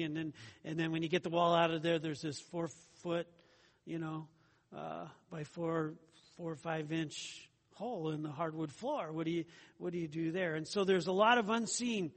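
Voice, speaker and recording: Pastor, male, high-pitched, earnest conversational sermon delivery, long reverb hall. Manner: earnest, repeats phrases, conversational asides.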